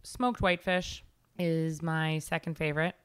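A woman's voice: sits low, fairly even intonation, smooth, no echo. A woman co-hosting a podcast, teasing and bantering in casual chat and asking interview questions. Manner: teasing, bantering, quick to tease her co-host.

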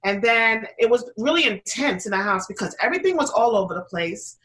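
A woman from the US, a pizza business owner, speaks as an interview guest in a slightly high, fairly bright voice with lively intonation and a brisk pace. Her storytelling is casual and chatty, with frequent fillers, restarts and acted-out quotes from others, captured on a rough recording.

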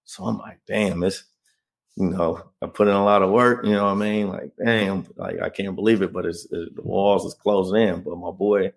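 Interview guest: a deep, gravelly man recounting his story earnestly. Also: fairly even intonation, normal speed. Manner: earnest, keeps asking "you know what I mean?". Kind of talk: emotional personal storytelling.

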